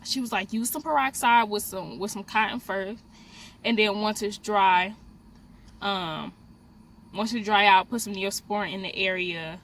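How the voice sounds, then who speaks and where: Bright animated young woman telling a story. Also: mid-range voice, measured pace, slight background noise. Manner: animated storyteller, talks straight to viewers as "y'all". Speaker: beauty vlogger. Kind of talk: storytime vlog, casual chat.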